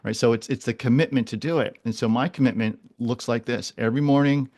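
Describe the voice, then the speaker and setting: A man's voice: medium pitch, steady tone, fast talker, darkish tone. A man in his forties, a podcast guest talking casually and earnestly, often restarting and repeating words. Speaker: guest, animal communicator.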